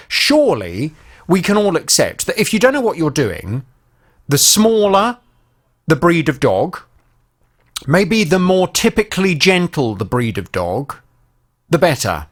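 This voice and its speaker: A man's voice: on the high side, wildly swooping pitch, measured pace. A man hosting a radio phone-in show, talking directly to listeners in a conversational way.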